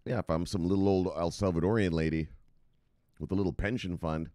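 A man's voice: low-pitched, fast talker, darkish tone, dry recording. A man hosting a crypto news channel in casual solo commentary. He is brash and profane, keeps chuckling to himself, and asks viewers to agree with him. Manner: talks straight to viewers, asking for agreement.

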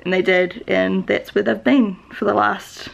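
Speaking a little slowly with vocal fry, this young New Zealander vlogs confessionally in her native accent, her mid-range voice fairly even in intonation. She's upset and holding back tears, rambling with frequent "likes" and restarts. The sound is lo-fi.

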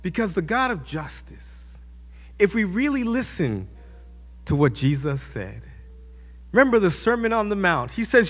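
A man preaching a sermon as pastor, impassioned, with sudden loud rises in his delivery. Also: sits high, sing-song, unhurried, long pauses, long reverb tail, soft background music. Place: church.

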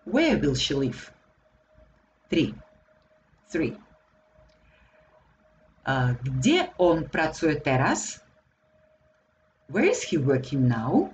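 A woman with a Slovak accent, a native Slovak speaker, teaching a slow and deliberate grammar lesson for beginners in English. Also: deep voice, huge pitch swings, muffled recording, slight background noise. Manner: slow and deliberate, repeating words for learners. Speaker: language teacher.

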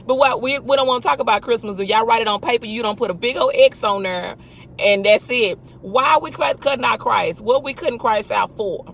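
A fairly high-voiced woman talks casually about her faith. She presses her point with rhetorical questions and argues back at imagined people. A faint engine rumble hums behind her. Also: fairly quick, creaky, a bit bright. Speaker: host. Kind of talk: casual faith talk monologue.

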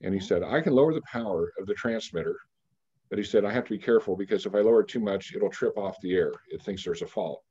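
A man in his sixties with a low, mellow voice tells a story as an interview guest. He is from Kansas and speaks in a measured, anecdotal way, pausing on fillers as he goes. The audio is dull and lo-fi. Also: husky. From Kansas, United States. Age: 60s.

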